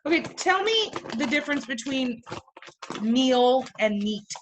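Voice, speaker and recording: A woman's voice: high-pitched, very animated, a little slow, noisy background. A woman teaching a class in a playful way, firing questions at her students and tossing in jokey asides. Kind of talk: classroom lecture.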